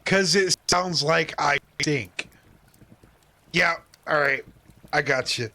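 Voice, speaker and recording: A man casually chatting while streaming a game, joking and self-deprecating, thinking out loud. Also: a little high, slow, vocal fry. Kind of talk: casual live-stream chat.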